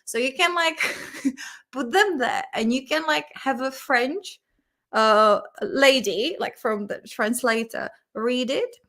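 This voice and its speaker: A woman's voice: sits high, slow, a bit bright. A young woman with a Czech accent, a native Czech speaker, hosting a casual chat and often breaking into giggles. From Czech Republic. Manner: giggly, chatty, lots of fillers. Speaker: host.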